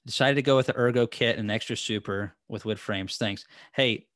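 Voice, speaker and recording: A man's voice: fairly low pitch, moderate pace, fairly bright tone, dry recording. Chatty man, dry close sound. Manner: rambling and chatty, with many fillers and restarts. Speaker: host. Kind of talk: casual live-stream chat. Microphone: headphones and desk mic.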